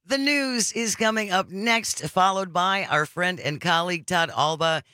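A man hosting a talk radio show, chatting casually with his co-host and smoothly wrapping up segments. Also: sits high, unhurried, bright, forceful tone, no room sound, clean studio sound. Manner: easygoing, wraps up segments smoothly.

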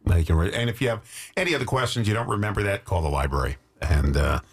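Husky-voiced chatty male radio host. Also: lowish voice, animated, quick pace. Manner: chatty, jokey, rambling asides. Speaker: local radio show host. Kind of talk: casual radio chat.

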